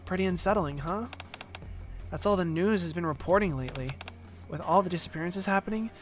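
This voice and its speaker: A man's voice: brisk, natural voice. A man voicing a young girl who talks to her injured father, his normal voice raised a little with an upward lilt. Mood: wistful. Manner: slightly raised pitch with upward inflection.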